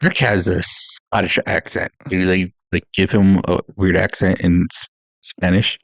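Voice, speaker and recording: Man, very deep voice, gravelly, laid-back podcast co-host, dry sound. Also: flat delivery, measured pace, dry recording. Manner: laid-back, short replies, many fillers. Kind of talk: casual chat.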